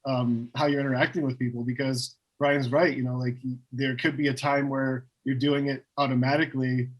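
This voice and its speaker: A man with a husky voice joins a casual online panel over a video call. He speaks in a measured, supportive way, restarting a few of his sentences. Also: mid-range voice, little pitch movement, lo-fi sound. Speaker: panel moderator.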